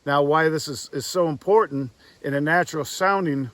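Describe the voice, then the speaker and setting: Male outdoors call instructor, slightly high voice, dry close sound, demonstrative teaching. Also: fairly bright tone, no echo. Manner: demonstrative, drawn-out breathy vocal sounds. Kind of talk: hands-on tutorial. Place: outdoors next to woods.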